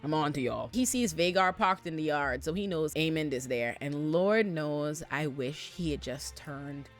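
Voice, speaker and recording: A woman's voice: deep voice, normal speed, faint music behind. A woman hosting a TV recap in loose, casual commentary. She talks emphatically, swearing and using heavy slang as she hammers her points. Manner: expressive, profane, emphatic slang-filled delivery. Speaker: pop culture commentator.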